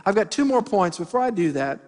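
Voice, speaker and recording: A middle-aged male pastor preaching in a church sanctuary, full of humor and animated storytelling. His voice sits high for a man, and it rings with a long reverb through the hall. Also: brisk. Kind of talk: sermon with storytelling.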